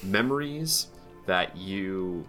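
A deep-voiced man runs a tabletop game with relaxed, rambling narration full of "uh" and "like". His tone is bright and forward, with soft music playing behind him. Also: drawn-out words. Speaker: game master.

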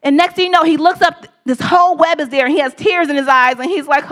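Lady preacher, high voice, tells a story then hammers the point with repeats. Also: fast, hardly any pauses, fairly bright tone. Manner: conversational storytelling with repeated phrases. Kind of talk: sermon.

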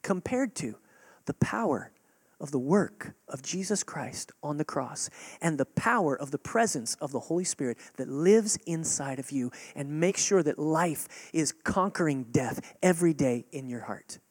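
A man preaching a sermon to his congregation, earnest and direct, swinging between loud urging and hushed, near-whispered lines. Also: a little high, expressive, a little slow, breathy edge, no room sound. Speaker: pastor.

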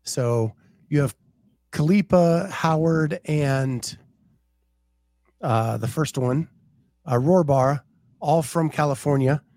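A man's voice: a little high, slow, long pauses, a little mellow, dry recording. A man co-hosting a casual podcast, chatting in a laid-back way and reading out viewer comments. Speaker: podcast co-host. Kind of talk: casual chat.

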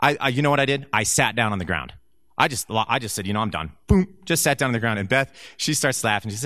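A man sharing a personal testimony with a church audience, telling the story with lively energy and acting out the lines of the people in it. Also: mid-range voice, quick pace, no echo. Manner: animated storyteller who acts out quoted speech.

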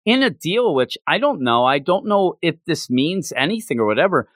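A man co-hosting a casual chat, animated and excitable, slipping into quoted voices. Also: a little high, normal speed, no echo, studio quality. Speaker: podcast co-host.

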